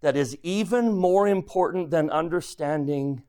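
A man's voice: fairly high pitch, measured pace, mellow, clear, resonant tone. A man teaching a religion class, lecturing on scripture and posing questions to his listeners as he retells the story.

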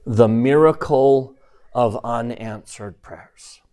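An older man gives a sermon built around a personal story. He speaks earnestly, pacing his words with deliberate pauses and a mid-range voice. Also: mid-range voice, warm tone, clean tone. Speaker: church leader.

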